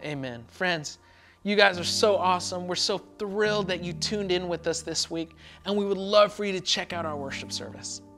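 A woman's voice: fairly low pitch, fairly even intonation, moderate pace, a bit bright, soft background music. A woman pastor preaching a sermon in an earnest, repetitive cadence.

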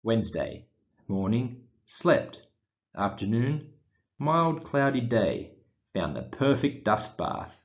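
A man reading a children's picture book aloud in short, deadpan diary fragments with pauses. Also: medium pitch, lo-fi sound. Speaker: storybook reader.

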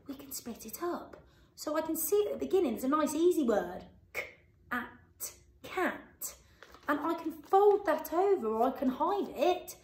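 A high-voiced female teacher leads young children through a phonics lesson, sounding out letters slowly and clearly and offering warm, encouraging praise. The recording has a roomy echo.

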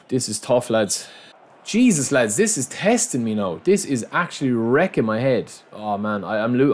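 A young man giving running commentary over his own football video game, muttering to himself and breaking into loud outbursts of frustration. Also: mid-range voice, very animated, unhurried. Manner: frustrated, muttering self-talk that bursts into loud outcries at the game. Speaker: gaming channel host.

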